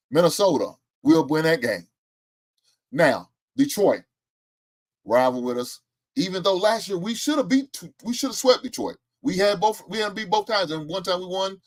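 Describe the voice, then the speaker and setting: A man hosting a casual live-stream sports talk show, boasting about his predictions and firing back at the chat with laughs and trash talk. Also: a little high. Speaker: show host.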